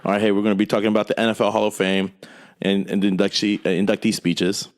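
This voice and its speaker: A man's voice: lowish voice, flat delivery, quick pace. A man co-hosting a podcast who coaches, moving the show along in laid-back casual banter. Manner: laid-back banter, running the show's segments. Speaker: podcast co-host. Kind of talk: casual chat.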